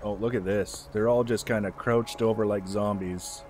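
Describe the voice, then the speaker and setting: A man's voice: on the low side, fairly even intonation, moderate pace, over music. A man giving casual let's-play commentary as he plays, making wry, joking asides. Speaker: gameplay commentator.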